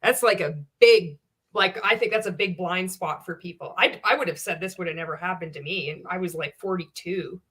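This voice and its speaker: A woman's voice: on the low side, fairly quick, fairly bright tone, breathy edge. A woman in her forties hosting an interview, talking bluntly and heatedly with lots of swearing. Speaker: podcast host. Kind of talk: casual interview chat.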